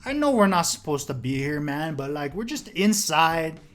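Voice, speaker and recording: A man's voice: a little high, sing-song, moderate pace, a bit bright. A man voicing a laid-back shirtless squatter who drawls and keeps saying "bro.". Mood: pleading.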